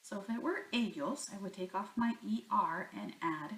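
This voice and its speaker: A woman's voice: mid-range voice, moderate pace, creaky, fairly bright tone. A woman teaching a Spanish grammar lesson, talking herself through each example and answering her own questions. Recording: echoey room.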